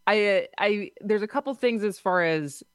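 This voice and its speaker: A woman's voice: medium pitch, measured pace, clear, resonant tone, no echo. A woman in her thirties co-hosting a radio show, telling stories in a chatty way. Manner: chatty, storytelling with fillers. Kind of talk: casual radio chat. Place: radio studio. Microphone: studio microphone.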